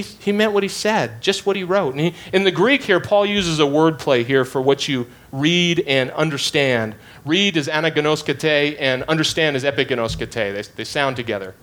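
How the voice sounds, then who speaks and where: A man preaching an expository sermon with a fairly high voice. He talks emphatically and circles back on his phrases to drive each point home. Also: moderate pace, a bit bright.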